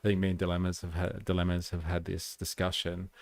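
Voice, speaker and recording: Male stream host with a Western Sydney Australian accent, low and gravelly, loose and chatty, dry close mic. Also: monotone, quick pace, no room sound. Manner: rambling, lots of "like" fillers, chatty with viewers. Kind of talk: casual political commentary stream.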